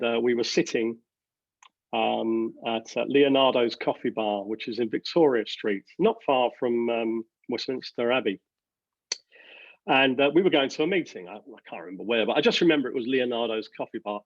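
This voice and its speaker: A company director giving earnest interview answers, halting with many fillers and restarts. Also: male voice, mid-range voice, creaky, no room sound, lo-fi sound.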